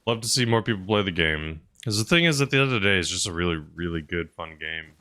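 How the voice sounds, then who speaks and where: A low-pitched man with a bright, forward edge to his voice, talking his way through a game stream. He rambles and muses aloud, one moment punching words out loudly, the next trailing off into quiet asides. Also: lively intonation, fast. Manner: rambling, chatty, musing aloud; swings between loud bursts and mumbled asides. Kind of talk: casual live-stream commentary while playing.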